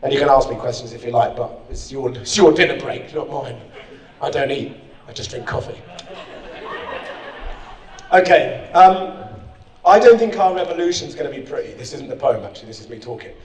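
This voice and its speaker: A man's voice: medium pitch, normal speed, pauses often, recorded from a distance. A man giving a rousing motivational speech at a conference, speaking straight to the audience. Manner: energetic, rousing, direct to the audience. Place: conference hall. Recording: echoey hall, speaker off-mic.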